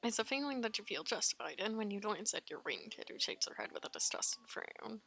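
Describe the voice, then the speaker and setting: A woman streamer reading a fan-made visual novel aloud in an expressive, giggly manner, faint game music behind. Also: mid-range voice, a little fast, vocal fry. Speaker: let's play streamer.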